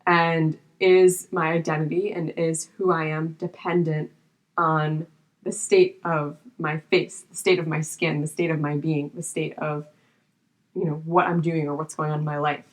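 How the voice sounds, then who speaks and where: Low-voiced earnest young woman. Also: level tone, a little slow. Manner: earnest and open, with frequent "like" fillers. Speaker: podcast guest. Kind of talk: candid personal storytelling.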